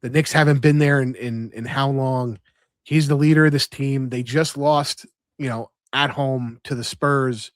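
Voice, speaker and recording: A man's voice: medium pitch, steady tone, unhurried, no echo, clean studio sound. Chatty new man, podcast co-host. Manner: chatty storyteller, lots of "you know" and restarts. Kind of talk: casual chat.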